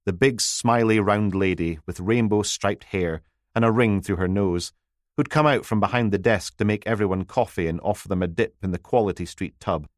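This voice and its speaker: A man's voice: fairly low pitch, normal speed, no echo. A man narrating a crime novel audiobook in a dry, wry reading voice.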